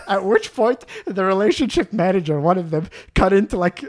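A man casually telling a story, animated and re-enacting the scenes, with lots of fillers like "dude". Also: sits high, moderate pace.

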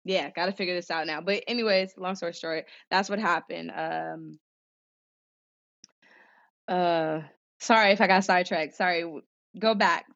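Young woman, animated storyteller, lowish voice, lo-fi sound. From Southern California. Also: normal speed, long pauses. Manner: animated, acts out quoted voices, many fillers. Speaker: guest, former pro basketball player. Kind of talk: casual storytelling interview. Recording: dull lo-fi sound.

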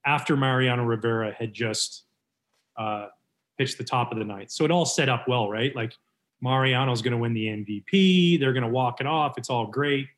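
A man in his forties from Canada, a former pitcher telling a story in casual conversation with an animated, lively delivery. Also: normal speed. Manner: animated, lively retelling with voiced quotes.

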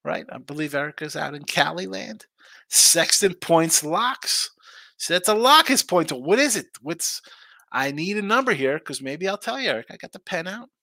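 Guy running a live betting stream, bright tense voice, dry close mic, chatty and loose. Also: on the high side, dry recording. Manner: loose, chatty, banters with chat. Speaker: sports betting show host. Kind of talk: live-stream chat, reading viewer comments.

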